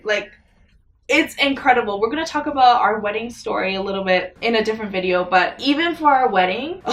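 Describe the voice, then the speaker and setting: A woman's voice: fairly high pitch, a bit bright, distant mic. A young woman talking earnestly to camera in a personal vlog, often emotional and close to tears. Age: young adult. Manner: emotional, tearful at times, earnest. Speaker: vlogger.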